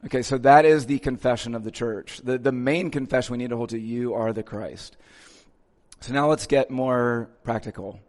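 A man's voice: medium pitch, fairly even intonation, a little fast, hardly any pauses, a little mellow, in a large hall. A male pastor giving a conversational sermon in a church, casually checking in with his listeners as he goes.

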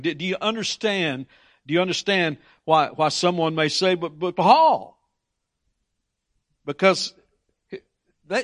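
A man's voice: fairly high pitch, fairly bright tone, dry recording, clean studio sound. A man preaching a sermon, emphatic, often stumbling and repeating words as he presses his points.

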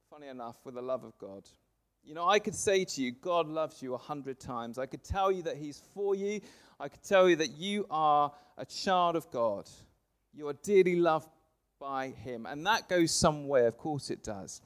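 A man, preaching a sermon to a congregation, punching words loudly then letting phrase ends fall soft. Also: fairly high pitch, normal speed. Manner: lively, swings from loud emphasis to soft trailing phrase ends. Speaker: pastor. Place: church service before a congregation.

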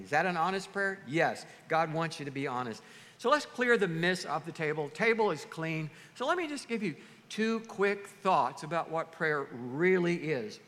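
A pastor preaches in a lively, animated way, acting out the voices of churchgoers. His voice is high and bright, and it rings with a long hall reverb. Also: unhurried. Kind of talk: sermon.

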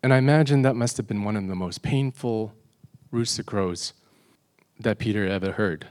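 A man preaching a sermon in a confessional way, asking the congregation rhetorical questions and slowing down and dropping his voice on solemn points. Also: on the low side, darkish tone.

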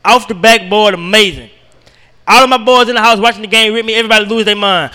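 A man's voice: high voice, fairly even intonation, rapid-fire, sharp tone, long reverb tail. A man doing a rambling, profane stand-up set at an open mic night. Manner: loose, profane, rambling storytelling with y'all. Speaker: stand-up comedian. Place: comedy club open mic.

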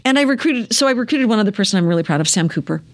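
Lively middle-aged woman telling stories. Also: medium pitch, very fast. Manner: lively storyteller who acts out quoted dialogue; emphatic, repeats phrases for effect. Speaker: former news director, guest. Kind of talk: conversational interview storytelling.

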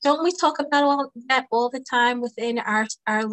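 A woman's voice: sits high, moderate pace. Emphatic woman podcast guest. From United States. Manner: expressive, emphatic, laughs and mimics people. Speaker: attorney and business owner, guest. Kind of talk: casual interview chat.

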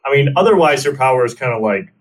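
A man's voice: medium pitch, lively intonation, quick pace. A man co-hosting a casual movie podcast, rambling with fillers and laughing often. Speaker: podcast co-host.

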